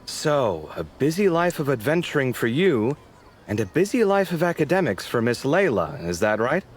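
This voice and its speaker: A man's voice: mid-range voice, big pitch swings, normal speed, a little hiss or hum, natural voice. A man voicing a friendly, chatty young architect in a video game, polite and a little apologetic. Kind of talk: game voice acting.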